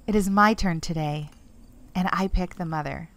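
A woman voicing an excited little girl who loves to play, eager and bouncy in a storybook reading. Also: fairly low pitch, moderate pace, a little hiss or hum.

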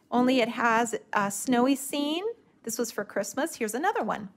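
A middle-aged woman leads a live craft demonstration, her voice pitched a little above the usual. She talks in an easy, patient way and often circles back to restart a phrase. She sounds like she is walking viewers through each step. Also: normal speed. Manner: relaxed, gently instructive, with frequent restarts. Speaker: watercolor stamping instructor.

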